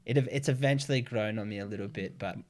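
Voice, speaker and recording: A man's voice: on the low side, fast, crowd noise. A man, telling stories in a casual podcast chat, swearing freely and acting out the people he quotes. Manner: animated storyteller, swears freely, acts out quoted voices. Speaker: podcast guest.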